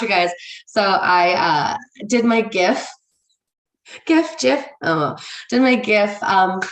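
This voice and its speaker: A woman's voice: mid-range voice, reverberant, poor audio. A woman with an English accent leading a ministry livestream, talking casually and frankly to viewers, swearing for emphasis and greeting them by name. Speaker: ministry leader. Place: room, livestream.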